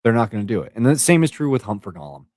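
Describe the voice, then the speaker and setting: A man's voice: mid-range voice, big pitch swings, rapid-fire, darkish tone, no echo. A man in his thirties, a content creator, giving an unscripted, exasperated rant and repeating words for emphasis. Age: 30s.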